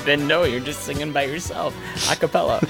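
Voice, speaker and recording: A man's voice: on the high side, gravelly. A man co-hosting a podcast, chatting casually and laughing often. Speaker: podcast co-host. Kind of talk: casual chat.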